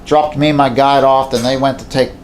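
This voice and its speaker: A man's voice: medium pitch, fairly even intonation, fairly quick, slight background noise. Folksy man telling a hunting story. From southwestern Pennsylvania. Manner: plainspoken, folksy, repeats himself. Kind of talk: casual storytelling to camera. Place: indoors at home beside a mounted moose.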